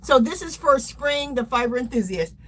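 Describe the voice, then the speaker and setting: A woman hosting a casual craft livestream, chatty and playful, reading viewer comments aloud and laughing often. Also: high voice. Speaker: livestream host.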